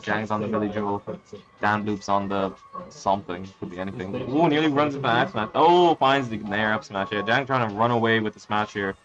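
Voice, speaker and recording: A man's voice: fairly low pitch, fairly even intonation, a little fast, lo-fi sound. A young man giving crude, joking, offhand live game commentary. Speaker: esports commentator.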